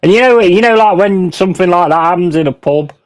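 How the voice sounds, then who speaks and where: A middle-aged man hosting a live stream rants bluntly and swears freely in casual chat, speaking fast in a high voice with no room sound. He mimics other people using quoted voices.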